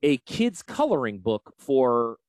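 A man with a Yankee accent hosting a financial show, brash and salesy in a folksy promotional pitch. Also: sing-song, slow, a little mellow, slight background noise. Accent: Northeastern US. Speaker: financial advisor and show host. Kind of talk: promotional radio talk.

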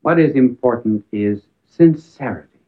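A man of middle pitch telling stories during a talk on public speaking. He swells with emphasis and then drops almost to a hush. The sound is thin and tinny, like an old phone-band recording. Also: lively intonation, unhurried. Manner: storytelling with emphatic rises and sudden drops to near silence.

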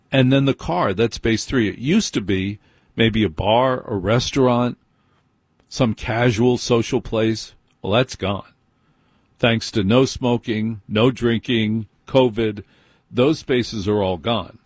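Husky-voiced grumbling radio host, a man. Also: mid-range voice, dry recording. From New Jersey. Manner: wry, grumbling storyteller. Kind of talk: late-night talk monologue.

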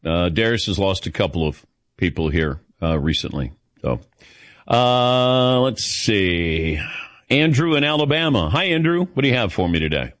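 A man's voice: deep voice, animated, moderate pace, fairly bright tone, no room sound. A man hosting a sports call-in radio show, chatting easily and rambling through stories. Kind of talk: casual call-in chat.

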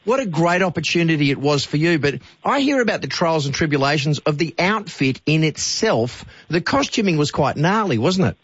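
A man's voice: fairly high pitch, very animated, brisk, hardly any pauses, husky, no room sound, highs cut off. A man hosting a radio interview, chummy and enthusiastic. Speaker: radio host. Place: radio studio.

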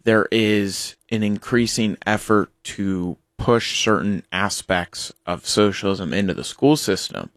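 A man's voice: fairly low pitch, unhurried, hardly any pauses, dry recording. A seventeen-year-old guest on a talk radio show, explaining his views in an earnest way and backing them with numbers. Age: teens. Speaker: student guest.

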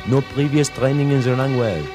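An actor playing a smooth-talking male pitchman with a put-on French accent in a comedy radio ad, using oily, persuasive sales patter. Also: moderate pace, music in the background, natural voice. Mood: salesy, coaxing.

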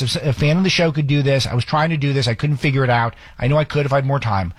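A man hosting a talk radio show, giving fast, sarcastic commentary with frequent restarts. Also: mid-range voice, slightly rough, no echo.

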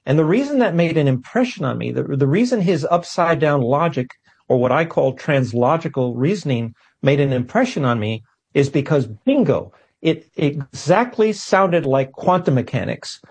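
Male guest, a bit high-pitched and husky, lively self-mocking storyteller. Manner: animated, self-deprecating, quick asides. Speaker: guest, physicist. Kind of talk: storytelling interview answer.

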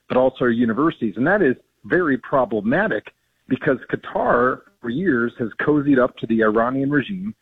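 A man's voice: medium pitch, animated, fairly quick, breathy edge. A man speaking as a guest on a phone-in radio interview, earnest and indignant, with many ums and restarts. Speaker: policy guest. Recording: tinny phone line.

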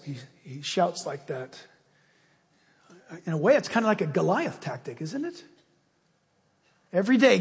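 A male pastor preaching a sermon, animated and acting out scenes as he tells them. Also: high-pitched, husky. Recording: long reverb of a large hall.

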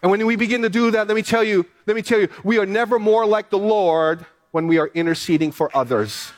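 Man, pastor, high voice, sermon, repeats phrases for emphasis. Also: fairly quick. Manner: reads scripture aloud, then preaches with repetition and emphasis.

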